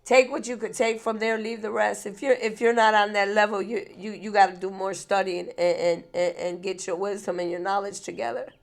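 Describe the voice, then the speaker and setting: A woman's voice: mid-range voice, fairly even intonation, brisk, gravelly, few pauses. A woman hosting a spiritual vlog, talking straight to her viewers, laughing between thoughts and repeating herself, tearful and angry. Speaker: spiritual channel host. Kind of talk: emotional direct-to-camera vlog.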